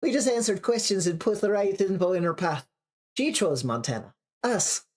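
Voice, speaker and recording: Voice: mid-range voice, sing-song, normal speed, darkish tone, pitched above the performer's own voice, lightly acted. A reader putting on a sing-song Irish woman. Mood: teasing. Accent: put-on Irish.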